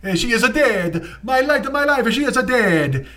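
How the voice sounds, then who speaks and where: A man's voice: very high-pitched, lively intonation, a little fast, pushed and bright, pitched above the performer's own voice, heavily acted. A man voicing a doting, grieving old migrant father in hammy broken English.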